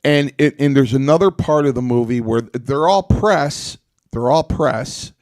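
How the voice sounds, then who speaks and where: A man in casual conversation, circling back with fillers and repeated starts as he tells a story. His voice sits at an ordinary middle pitch and is recorded close and dry. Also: measured pace, darkish tone, no echo. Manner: rambling, many restarts and fillers. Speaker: podcast host. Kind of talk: casual chat.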